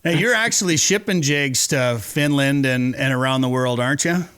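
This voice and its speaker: A man's voice: mid-range voice, moderate pace, a bit bright, clear, resonant tone, no echo, studio quality. A man hosting a fishing show, chatting casually and rambling into stories with a friendly storyteller's flow. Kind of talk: casual interview chat.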